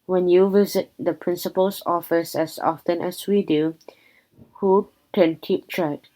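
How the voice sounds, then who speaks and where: A woman reading a children's chapter book aloud in a plain, unhurried storytelling manner. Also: lowish voice, fairly even intonation, mellow, rough recording. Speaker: reader.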